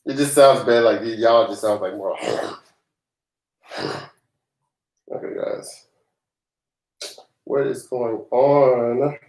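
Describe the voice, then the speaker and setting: A man's voice: mid-range voice, slow pace, long pauses, darkish tone. A man who grew up in the South, hosting a casual live-stream Q&A as a tax professional, chatty and joking with loose laughter. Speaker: tax professional livestream host. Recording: roomy echo.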